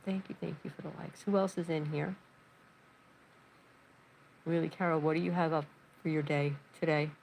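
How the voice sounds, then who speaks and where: Livestream host, woman, low gravelly voice, rambling chatty storyteller in her living room. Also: fairly even intonation, moderate pace, pauses often, a little mellow, a little hiss or hum, low-quality recording. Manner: reads chat messages aloud. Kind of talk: casual livestream chat.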